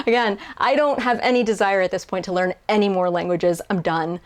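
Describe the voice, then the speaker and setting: A woman's voice: medium pitch, steady tone, a little fast. A young woman translator casually answering viewer questions to camera, chatty and self-deprecating, with frequent fillers and restarts. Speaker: YouTuber and translator.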